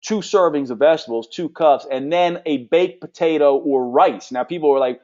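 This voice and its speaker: A man teaching a live nutrition session as a health coach, talking in a forceful, emphatic and blunt way while he answers questions. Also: on the high side, animated, fast, hardly any pauses, lo-fi sound.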